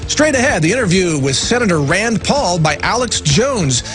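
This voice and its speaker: A man co-hosting a talk radio show, reading news items with sarcastic, animated commentary. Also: high-pitched, moderate pace, music in the background. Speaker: radio co-host.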